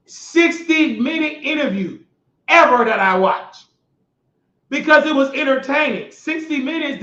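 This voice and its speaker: A man's voice: very high voice, fairly bright tone. A young man hosting his own show, giving emphatic, mocking, slangy political commentary. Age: young adult. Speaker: show host. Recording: roomy, dull lo-fi sound.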